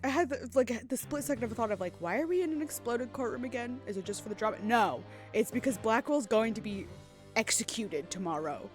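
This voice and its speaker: An excitable young woman streamer reacting to a game, her pitch bouncing all over. She giggles and chats to herself, with game music behind. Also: brisk. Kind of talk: casual game commentary.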